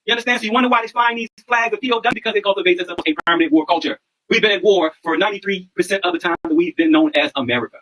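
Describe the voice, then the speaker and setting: A man's voice: high-pitched, racing, fairly bright tone, rough recording. A man hosting a livestream monologue, preaching in a repetitive way and often asking listeners whether they understand. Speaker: livestream host.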